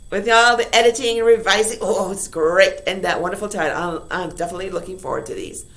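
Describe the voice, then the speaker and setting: A woman teacher reviewing a lesson for her class, upbeat and emphatic, full of rhetorical questions and quick "okay?" checks. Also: mid-range voice, fairly bright tone. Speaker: high school English teacher.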